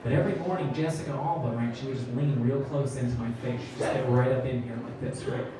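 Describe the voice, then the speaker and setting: A man's voice: medium pitch, quick pace. A young man doing a stand-up comedy set, telling stories animatedly and acting out characters. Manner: animated storytelling, acts out characters. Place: comedy club stage before a laughing crowd. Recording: distant roomy club recording, crowd laughter.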